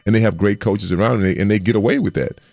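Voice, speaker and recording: A man, a former football player, co-hosting a casual sports talk show and telling animated stories from his playing days. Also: fairly low pitch, quick pace, vocal fry, no echo. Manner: animated storyteller, acts out quotes.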